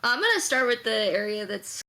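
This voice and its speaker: A woman player stating her actions in quick, offhand chat. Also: fairly high pitch, very animated, bright, forceful tone. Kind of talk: casual game chat.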